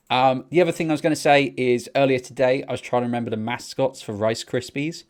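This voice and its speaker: A young man, co-hosting a podcast and telling a rambling, sweary story in casual chat. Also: normal speed. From England. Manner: rambling, sweary storytelling with excited pitch jumps. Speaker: podcast co-host.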